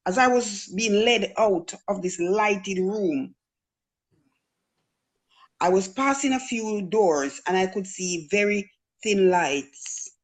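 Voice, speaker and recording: A middle-aged woman from Jamaica with a Jamaican accent, earnestly telling a personal story in casual talk. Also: mid-range voice. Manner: earnest storytelling, acts out quoted voices. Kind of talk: casual testimony.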